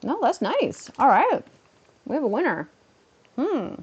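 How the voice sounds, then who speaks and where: A woman's voice: high voice, big pitch swings, unhurried, dull audio. A woman chatting casually on a home stream, giggling at her own jokes. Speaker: live streamer and teacher.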